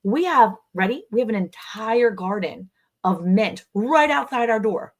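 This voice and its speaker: A woman's voice: a little high, lively intonation, unhurried. A woman co-hosting a casual livestream chat, talking freely and greeting viewers by name. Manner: chatty, reads out viewer comments. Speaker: livestream co-host.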